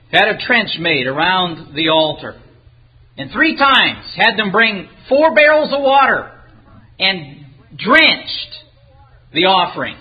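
Animated high-voiced male preacher, husky. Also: dull audio. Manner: animated, acts out the characters' lines; reads the King James wording aloud. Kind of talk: sermon retelling a scripture story.

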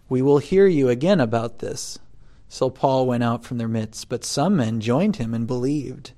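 A man delivers a sermon at a slow, unhurried pace. His voice sits at an ordinary middle pitch and swells loud when he quotes scripture, then sinks low and quiet between points. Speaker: preacher.

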